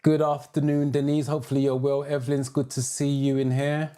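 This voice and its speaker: A man's voice: medium pitch, little pitch movement, brisk, mellow. A British man who teaches driving theory, hosting a live stream: he greets viewers by name, reads out their comments and gives advice.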